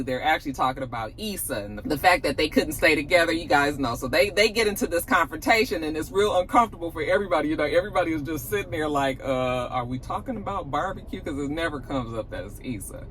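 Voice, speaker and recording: A woman's voice: low voice, quick pace, few pauses, fairly bright tone, a little hiss or hum, poor audio. A woman recapping a TV episode in a chatty, slangy way, laughing often. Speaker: TV episode reviewer. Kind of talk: casual TV recap.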